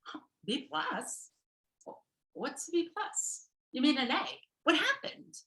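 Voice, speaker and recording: A woman's voice: sits high, sing-song, slow pace, fairly bright tone, pitched above the performer's own voice, exaggerated voice. A woman voicing an exasperated mother who scolds and dismisses her child, her lines sounding roomy and echoey. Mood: dismissive.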